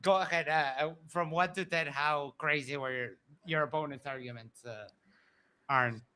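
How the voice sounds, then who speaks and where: A male debate moderator with a high, very bright and sharp voice. He reads viewer donations in an upbeat way and laughs easily. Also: steady tone, moderate pace, clean tone. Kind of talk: live-stream moderation.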